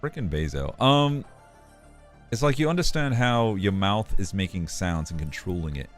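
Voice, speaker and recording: A man's voice: deep voice, lively intonation, moderate pace, soft background music. A man streaming live and chatting casually, laughing often while reading chat aloud and swearing now and then. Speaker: streamer and animator.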